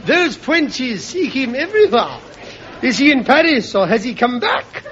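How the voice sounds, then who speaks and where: An actor playing a foppish, cheeky English aristocrat husband who talks in a silly, mocking way with sudden shouts. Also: male voice, extremely high pitch, sing-song, normal speed, some chatter behind, heavily acted. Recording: muffled old broadcast, hiss, audience laughter.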